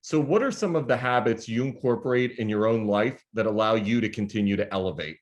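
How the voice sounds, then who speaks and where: A man's voice: fairly low pitch, brisk. Upbeat man hosting an interview. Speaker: host. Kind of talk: casual interview chat.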